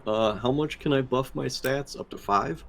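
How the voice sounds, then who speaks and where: A man playing a tabletop role-playing game, talking in a dry, deliberate way. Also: mid-range voice, a bit bright. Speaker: player. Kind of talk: tabletop role-play chat.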